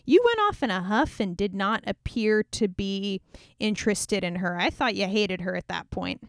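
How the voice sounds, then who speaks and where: A flustered father rambles through his excuses, apologetic and a little higher than you'd expect, as a woman puts him on. The voice is close and dry, with no room around it. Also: animated, moderate pace, gravelly, a bit bright, smooth, no room sound, heavily acted. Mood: excusing.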